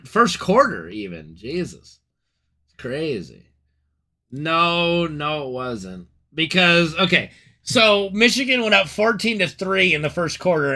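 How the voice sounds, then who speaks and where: A man chats with his live-stream audience in an unhurried, swinging voice, riffing on whatever comes up. His tone is high and very bright, and he curses freely and breaks into sudden loud outbursts. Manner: profane, loud outbursts and laughing asides to chat. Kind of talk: casual live-stream chat.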